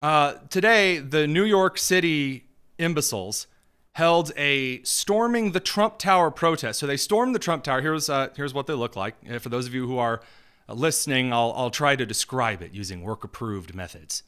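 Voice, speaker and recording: A male host delivering opinionated political commentary in a sarcastic, mocking, rapid-fire way. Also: medium pitch, fairly bright tone, clear, resonant tone.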